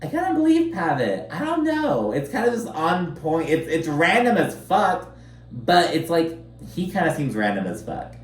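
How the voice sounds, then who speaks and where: Speaking at a moderate pace, this man's somewhat high voice swings hugely in pitch as he chats sarcastically through a reality show recap, full of fillers and curse words. The audio is echoey and roomy, the mic slightly distant, with faint background noise.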